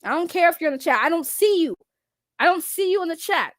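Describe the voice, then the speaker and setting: A woman's voice: very high voice, animated, fast, no echo, clean studio sound. A young woman hosting a livestream, ranting bluntly to her chat with constant swearing. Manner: blunt, heavy swearing, talks straight to chat. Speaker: livestream commentary host.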